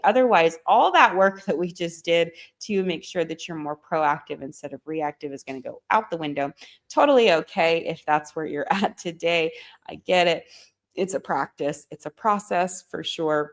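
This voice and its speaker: A woman's voice: lowish voice, vocal fry. A woman leading a live-streamed morning wellness session as a holistic doctor, chatty and encouraging, often tagging on "you know" and "right?" and repeating self-affirmations.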